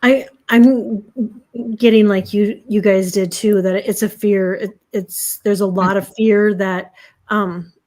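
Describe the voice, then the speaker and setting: A woman's voice: medium pitch, fairly even intonation, slow, a little mellow. A woman guest gives spiritual advice on a live stream. She rambles with frequent restarts and "you know"s, circling back to her point. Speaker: intuitive guest reader.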